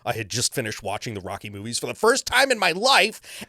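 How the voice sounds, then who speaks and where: Animated voice actor, lively and bright. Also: male voice, medium pitch, a little fast, no room sound, clean studio sound. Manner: animated storyteller who slips into character voices. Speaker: voice actor guest. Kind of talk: podcast interview storytelling.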